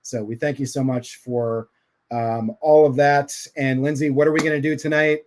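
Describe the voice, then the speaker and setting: A man's voice: medium pitch, fairly even intonation, moderate pace, a little mellow. A man from Boston hosting a livestream, talking loosely and playfully with many fillers. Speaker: livestream host.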